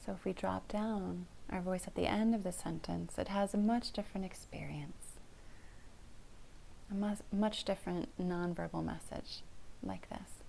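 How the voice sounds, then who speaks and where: Woman, middle-aged, therapist, gentle, soft whispery asides, warm dark tone. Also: lowish voice, a little slow, vocal fry, a little hiss or hum. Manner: calm, gentle, encouraging, often softly whispering. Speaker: family therapist. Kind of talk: teaching couples communication.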